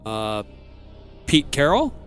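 Easygoing guy co-hosting sports talk, animated voice with soft music behind. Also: medium pitch, slow. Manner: easygoing, teasing. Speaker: sports radio co-host.

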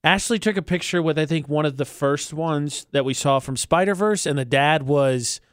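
A man with a somewhat high voice chats on a podcast. He talks with enthusiasm and rambles through restarts. The recording is dry and close. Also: normal speed, no room sound. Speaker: co-host. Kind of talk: casual chat.

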